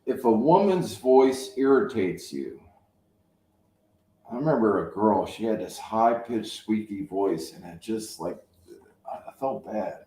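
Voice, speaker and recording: Male, 50s, channel host: dark, mellow voice, loose rambling chat, roomy echo. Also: fairly low pitch, lively intonation, unhurried. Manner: rambling, anecdotal storytelling. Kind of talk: casual chat. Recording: echoey room.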